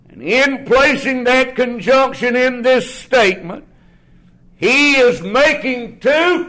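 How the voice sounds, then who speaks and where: A man preaching a sermon in a church in a folksy, drawn-out way, often dropping to a low murmur. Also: fairly bright tone.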